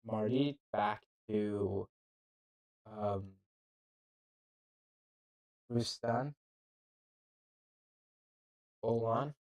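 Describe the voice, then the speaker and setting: A man giving casual live play-by-play commentary on a football match into a handheld mic, halting and often unsure of player names. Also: fairly low pitch, darkish tone, low-quality recording. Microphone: handheld microphone.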